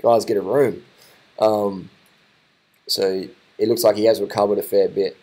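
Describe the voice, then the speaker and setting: A man giving casual live reaction commentary, excitable and repetitive, swearing now and then. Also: fairly low pitch, a little slow, low-quality recording. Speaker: video commentator.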